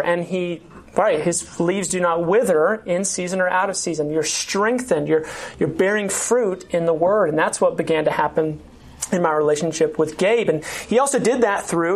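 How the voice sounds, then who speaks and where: Woman, church class teacher, low-ish voice, chatty, restarts often. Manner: conversational, with frequent fillers and restarts.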